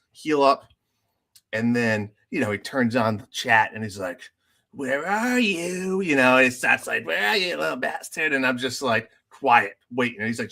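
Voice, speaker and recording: A man co-hosting a casual podcast, telling lively gaming stories and acting out the other players' lines. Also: medium pitch. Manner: animated storyteller, acts out other players' lines. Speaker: podcast co-host.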